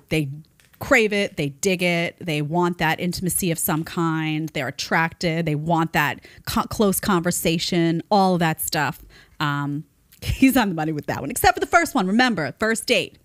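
A woman in her thirties hosting a casual commentary show, chatty and animated, laughing often. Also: fairly low pitch, moderate pace, no room sound, studio quality. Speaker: host.

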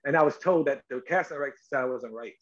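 A middle-aged male actor, a guest on a talk show, tells stories in a lively, emphatic way and acts out quotes. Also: medium pitch, very fast. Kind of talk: animated interview storytelling. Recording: slightly dull lo-fi audio.

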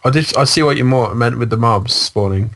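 A man chatting and teasing a friend while they play a video game together, quick to laugh. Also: medium pitch, a bit bright. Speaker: co-player, guest. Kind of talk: casual gameplay chat.

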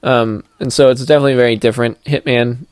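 A man's voice: mid-range voice, steady tone, fast, clear, resonant tone, no room sound. A young man talks through a stealth game at home in casual, rambling let's-play commentary. He is chatty and goofy, slipping into playful sing-song asides, with an ordinary mid-range voice. The sound is dry and close on a desk microphone. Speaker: gameplay commentator.

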